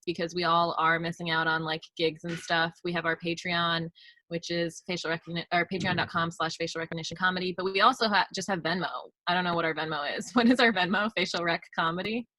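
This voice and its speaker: A woman's voice: fairly low pitch, sharp tone, dry recording, poor audio. A young adult woman, a comedian co-hosting a casual podcast, who laughs often in the middle of her sentences.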